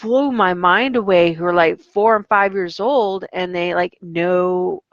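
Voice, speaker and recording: Chatty woman vlogging with lively storytelling. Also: lowish voice, measured pace, no room sound, lo-fi sound. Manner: chatty, animated, acts out students in quotes. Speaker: online ESL teacher. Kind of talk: casual vlog storytelling.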